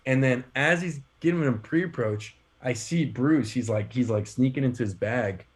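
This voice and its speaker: A man trading stories on a podcast, animated and quick to laugh, his voice at an ordinary middle pitch. He rambles with fillers and restarts as he builds up to each punchline. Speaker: podcast co-host. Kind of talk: casual storytelling.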